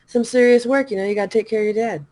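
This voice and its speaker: A woman co-hosting a casual late-night webcast chat. She speaks bluntly and with a joking edge, and she is quick to laugh. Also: fairly high pitch, warm tone. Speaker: podcast co-host.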